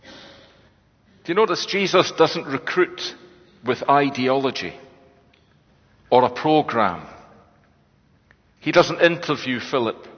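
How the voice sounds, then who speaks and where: A man's voice: mid-range voice, lively intonation, slow pace, pauses often, slightly rough. Man preaching in an echoey hall. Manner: reflective, conversational preaching with quoted lines. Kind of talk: sermon. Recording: echoey hall, dull lo-fi sound.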